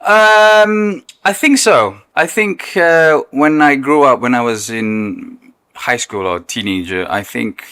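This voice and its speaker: A man's voice: mid-range voice, slow, bright, forceful tone, clear, resonant tone, no room sound, studio quality. A young Malaysian man with a Malaysian accent, a guest chatting casually about his career and laughing often. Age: young adult. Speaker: guest, content creator. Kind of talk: casual interview chat.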